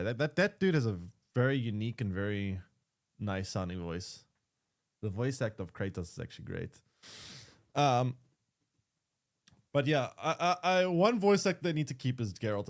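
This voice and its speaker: A young man streams a game and chats casually, his words full of stammered restarts and repetitions. His voice sits in the mid range, with lively intonation and a moderate pace.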